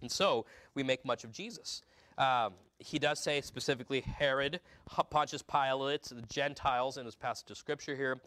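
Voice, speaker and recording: A man's voice: mid-range voice, moderate pace, fairly bright tone. A man preaching a sermon in a church, talking casually, repeating himself and asking the congregation questions. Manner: conversational, repeats words, asks the congregation questions. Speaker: pastor.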